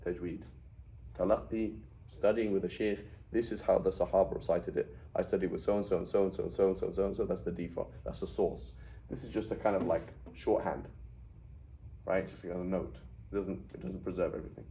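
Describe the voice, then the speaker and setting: A man's voice: low-pitched, fairly even intonation, fairly quick, warm tone, a little hiss or hum, rough recording. A man teaching a class in a conversational lecture style, often putting questions to his students. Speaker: Arabic teacher.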